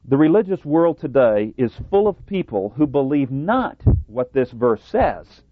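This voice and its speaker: A man's voice: medium pitch, sing-song, dry recording. Tinny recorded male preacher. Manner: deliberate, emphatic, sometimes sarcastic. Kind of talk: sermon. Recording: tinny phone-like dry sound.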